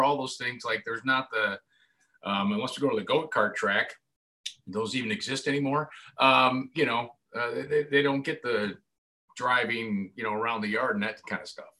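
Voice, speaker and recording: Bright-voiced man telling stories. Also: medium pitch. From upstate New York. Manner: animated storyteller, acts out quoted voices. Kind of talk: casual chat.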